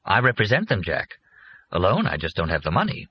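A man's voice: low-pitched, wildly swooping pitch, a little fast, slightly rough, no room sound, exaggerated voice. A man doing a shrewd older land speculator. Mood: eager. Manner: persuasive, matter-of-fact explaining. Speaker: father. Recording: muffled lo-fi recording.

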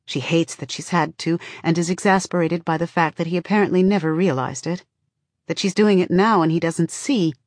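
A woman narrating an audiobook in a measured, close storytelling voice. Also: lowish voice, no room sound. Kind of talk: scripted narration.

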